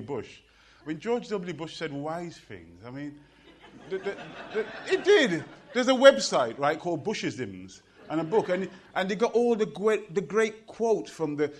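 A middle-aged man with a Birmingham Jamaican accent, telling jokes and stories and reciting poetry on stage in an animated, rhythmic way. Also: high-pitched. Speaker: poet and performer. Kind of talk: live storytelling and poetry performance.

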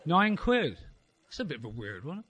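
Irish stand-up guy from dublin, slightly high voice, rambling and wry, swears a lot. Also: huge pitch swings, moderate pace, a bit bright, slightly rough, lo-fi sound. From Ireland. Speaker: stand-up comedian and poet. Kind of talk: stand-up comedy set. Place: live venue before an audience.

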